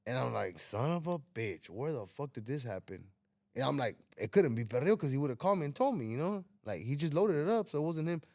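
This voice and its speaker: A man's voice: medium pitch, very animated, brisk, vocal fry, darkish tone, no echo, clean studio sound. A man, hosting a casual talk show and telling a story, acting out the dialogue and swearing freely. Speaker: podcast host telling a story.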